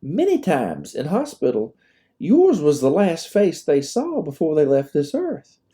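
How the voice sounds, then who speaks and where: A man's voice: on the high side, wildly swooping pitch, measured pace, dark tone, voice pushed up. A man voicing a formal, courteous Civil War lieutenant in his own storybook reading. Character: polite young Confederate lieutenant, courteous.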